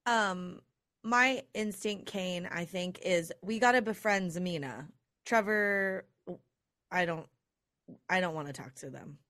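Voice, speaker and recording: A woman's voice: lowish voice, slow pace, fairly bright tone. A woman playing a tabletop role-playing game, reacting playfully in character. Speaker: player.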